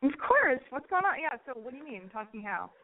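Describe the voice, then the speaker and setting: A woman's voice: sits high, sing-song, brisk. A young woman hosting a call-in show, talking in a rambling, blunt and joking way with frequent swearing. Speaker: radio call-in host. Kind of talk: casual call-in chat. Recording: thin phone-like sound.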